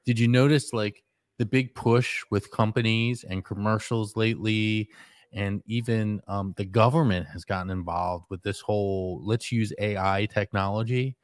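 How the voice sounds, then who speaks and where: A man's voice: on the low side, steady tone, no room sound. Man in dry, close casual chat. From New Jersey. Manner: chatty, agreeable, quick back-channel replies. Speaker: podcast co-host.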